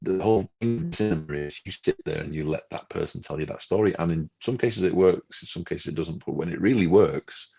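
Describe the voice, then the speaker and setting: A man's voice: low-pitched, a little fast, gravelly, hardly any pauses, mellow, slightly rough, soft background music. A man co-hosting a film club podcast, chatting casually and ranting animatedly, acting out the people he quotes. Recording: dull lo-fi livestream audio.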